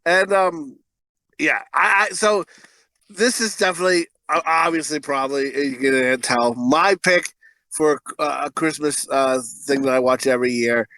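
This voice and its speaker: A man's voice: on the high side, moderate pace, bright, forceful tone, dry recording. A man co-hosting a podcast, talking in a crude, rambling way and laughing often. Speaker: podcast co-host. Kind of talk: casual podcast chat.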